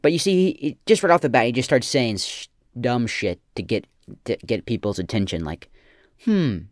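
A man's voice: mid-range voice, sing-song, fairly quick, dry recording, studio quality. A man giving casual, profane, sarcastic reaction commentary.

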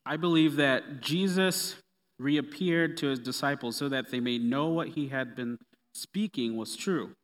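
A man preaching a sermon in a relaxed, conversational way with playful asides. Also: mid-range voice, measured pace. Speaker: pastor. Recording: long reverb of a hall.

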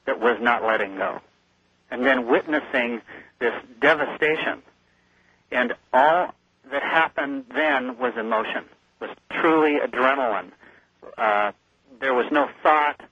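A man's voice: mid-range voice, creaky, sharp tone, slightly rough, dry recording. Earnest man on a muffled phone line. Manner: earnest, vivid storytelling. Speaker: guest. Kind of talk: phone-in radio interview. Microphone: telephone.

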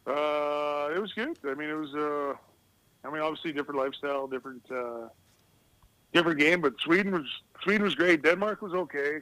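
A low-quality recording with no echo presents a middle-aged man, formerly a pro hockey player, whose voice is on the high side, brisk, and sharp. On a casual podcast as a guest, he rambles through loose stories and laughs at what he tells.

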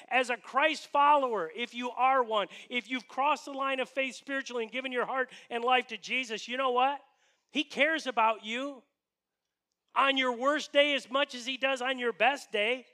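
Male pastor, sermon, high voice, earnest, emphatic, rhetorical questions. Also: fairly even intonation, normal speed, bright, forceful tone.

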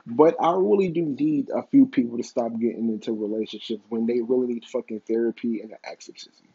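A man's voice: mid-range voice, a little fast, warm tone, slightly rough, dull audio. A man giving blunt, profane, opinionated casual commentary.

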